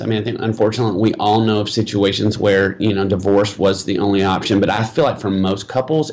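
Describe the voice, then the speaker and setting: Man, lower voice, animated, marriage advice interview guest. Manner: animated storytelling, acts out quotes.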